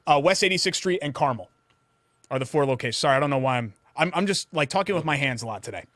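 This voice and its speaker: A man co-hosting a sports talk show in a studio, chatty and animated as he reads a sponsor segment. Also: a little high, fast talker, no echo. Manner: chatty, animated, jokingly indignant. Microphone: studio desk mic.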